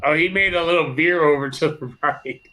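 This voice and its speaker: A man's voice: on the high side, a little fast, pushed and bright. A man co-hosting a live show who teases his partner and laughs easily. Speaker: co-host. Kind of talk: casual live chat.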